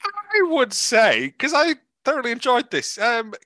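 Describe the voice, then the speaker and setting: Bright-voiced joking man. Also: very high-pitched, wildly swooping pitch, dry recording. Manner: joking, recaps plot in quick asides. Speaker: podcast co-host. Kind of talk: casual chat reviewing a film.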